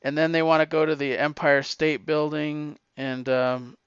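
A man's voice: a little high, level tone, a little slow, a bit bright, smooth, dry recording. A man casually recapping a comic book, getting emotional and choking up as he talks. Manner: emotional, chokes up while recounting. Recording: dull lo-fi recording.

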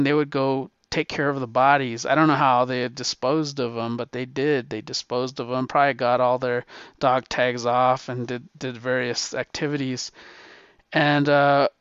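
A man's voice: mid-range voice, flat delivery, normal speed, fairly bright tone, clear, resonant tone, no echo. A man retelling a war comic's plot in a casual, rambling way, with restarts and profanity. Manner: rambling, with many fillers and restarts. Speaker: guest answering a question. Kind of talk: casual storytelling. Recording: dull, slightly lo-fi dry sound.

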